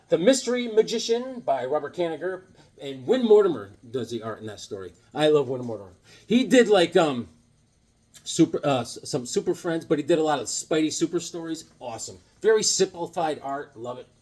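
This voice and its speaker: A man's voice: on the high side, darkish tone. A man chatting casually about his comic books, rambling and enthusiastic with jokes. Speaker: comic book vlogger. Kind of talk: casual comic collection chat.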